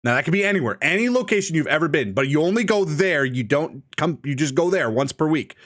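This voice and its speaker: Playful young man with a lively voice. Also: a little high, quick pace. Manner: playful, joking, asks lots of questions. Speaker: podcast co-host. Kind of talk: casual chat. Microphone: studio podcast mic.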